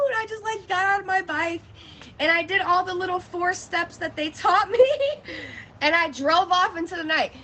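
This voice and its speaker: A woman telling a personal story in a lively, animated way, often laughing and acting out her own panic. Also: very high-pitched, moderate pace, rough recording.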